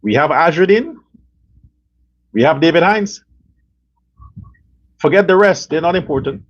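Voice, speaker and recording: A man's voice: fairly high pitch, a little slow, dull audio. A man hosting a political commentary show, ranting in a heated, profane and repetitive way. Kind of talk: angry political rant.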